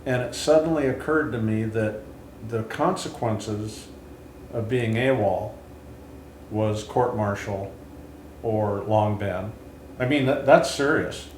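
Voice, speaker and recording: A man in his seventies, hosting an interview and telling his own story in an earnest, halting way with frequent restarts. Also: lowish voice. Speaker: interview host and Vietnam veteran. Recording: roomy with faint hiss.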